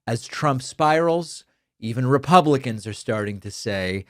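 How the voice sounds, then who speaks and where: A man's voice: medium pitch, lively intonation, a little slow, no room sound, clean studio sound. A man hosting a political commentary show, speaking emphatically and argumentatively, whose first language is Spanish.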